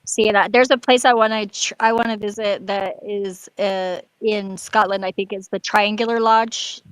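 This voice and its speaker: A woman's voice: medium pitch, fairly even intonation, normal speed, smooth, dry recording, rough recording. A woman in a casual group voice chat who hedges and fills her talk with "like.". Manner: hedging, filler-heavy talk.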